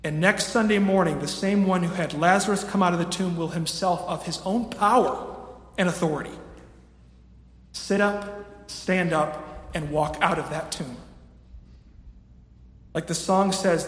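A pastor in his thirties delivering a sermon in a church, preaching emphatically and swinging from soft, quiet passages to raised, ringing emphasis. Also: high voice, unhurried, pauses often. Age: 30s. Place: church sanctuary with a screen. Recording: echoey hall with long reverb.

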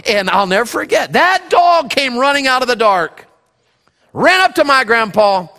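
A man's voice: very high voice, sing-song, normal speed, pushed and bright, long reverb tail. A male pastor preaching a sermon, telling a folksy personal story and acting out the voices in it.

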